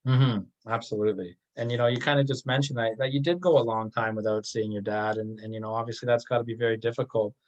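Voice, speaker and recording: A man hosting a conversational interview, circling his questions with repeated false starts. His voice is mid-pitched. The audio is dull and lo-fi. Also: fairly even intonation, quick pace, hardly any pauses. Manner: rambling questions with many restarts. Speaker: podcast host.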